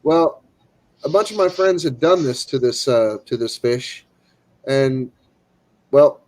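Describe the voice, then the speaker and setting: A man's voice: medium pitch, slow pace, low-quality recording. A man streaming, telling a rambling story casually and acting out the people in it. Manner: animated, acts out quoted people; rambling with restarts.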